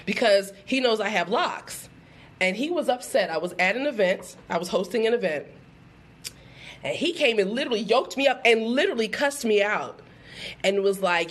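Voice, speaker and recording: A woman giving an animated, emphatic pep talk on a live stream, talking straight to her viewers with quick laughs. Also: high-pitched. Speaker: motivational speaker hosting a live stream.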